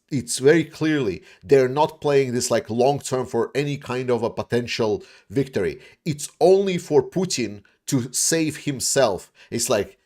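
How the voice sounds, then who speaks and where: A YouTube war commentator speaks in a mid-range voice with a somewhat dark tone, giving casual commentary and replying to viewer questions. His delivery is blunt, peppered with restarts, fillers, and some swearing.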